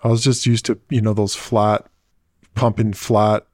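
A North American man hosting an interview, asking curious questions in a halting, casual way. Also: on the low side, little pitch movement, a little mellow, no echo, clean studio sound. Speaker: interview host.

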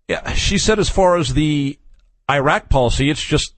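A man's voice: fairly high pitch, expressive, measured pace, fairly bright tone, no room sound. A man hosting a radio talk show, chatting casually in a wry, opinionated way with chuckles and asides. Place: radio studio.

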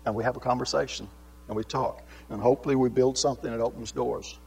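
A man teaching a Bible lesson in sermon style, swinging between raised, emphatic preaching and quiet asides, with many rhetorical questions to his listeners. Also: mid-range voice, fairly even intonation, quick pace, vocal fry, husky, low-quality recording.

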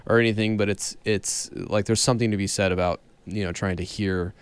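A man's voice: on the low side, fairly even intonation, brisk, slight background noise. A man chatting casually, hesitant and trailing off mid-thought. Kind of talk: casual chat.

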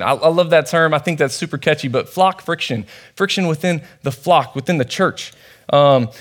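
Young male youth pastor, casual chatty sermon, slightly high voice, storytelling with fillers. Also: a bit bright. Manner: conversational, storytelling, many fillers. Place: church.

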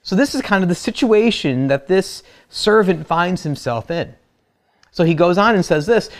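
A man's voice: high voice, animated, moderate pace. A man preaching a sermon, who retells the story in a casual, humorous way. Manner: conversational and humorous, acts out quotes. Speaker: pastor.

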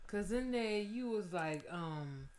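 A young woman co-hosting a podcast, teasing her co-host with quick interjections and laughs. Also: mid-range voice, animated, a little mellow, slight background noise. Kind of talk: casual chat, teasing reactions.

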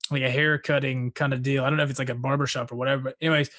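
A man's voice: medium pitch, flat delivery, very fast, fairly bright tone, no room sound, clean studio sound. A young man hosting a podcast, rambling casually and filling his talk with "like" and "dude". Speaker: podcast host.

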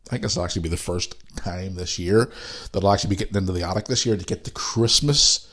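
A man hosts his podcast alone, rambling through a loose, foul-mouthed rant. He is fighting off a cold, and his voice sits on the low side. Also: quick pace, fairly bright tone. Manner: ranting, sweary, loose and rambling. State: has a cold. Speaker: podcast host. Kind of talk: casual solo podcast rant.

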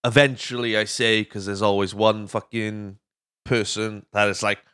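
Welsh male podcast host, low-pitched but sharp and forceful, loose sweary movie recap full of tangents. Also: little pitch movement, moderate pace, smooth. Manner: rambling, sweary, goes off on tangents.

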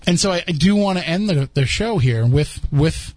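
A man's voice: on the high side, animated, normal speed, dry recording. A man hosting a podcast, chatting casually and rambling with frequent restarts. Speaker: podcast host. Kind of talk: casual chat.

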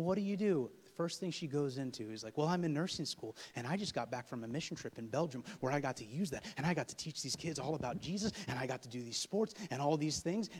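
Young man, podcast host, storytelling voice of middle pitch that jumps up loud when he acts out the dialogue. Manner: animated, acts out dialogue loudly. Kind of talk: personal storytelling.

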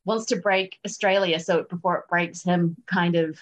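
A woman's voice: on the low side, fairly even intonation, normal speed. A woman hosting a film podcast in a chatty, upbeat way with fillers and little laughs. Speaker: podcast host. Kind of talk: casual film chat.

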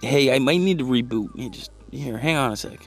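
A man's voice: medium pitch, brisk, soft background music, pitched above the performer's own voice, natural voice. A man playing a flustered caller who fakes being clueless about his computer, stammering and apologizing as he rambles. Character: flustered clueless man faking computer trouble on a phone call.

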